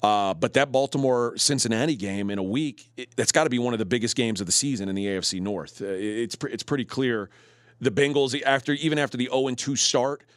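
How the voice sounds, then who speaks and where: A man's voice: medium pitch, quick pace, dry recording, clean studio sound. A man hosting a sports betting podcast, chatting casually as he talks through point spreads and odds.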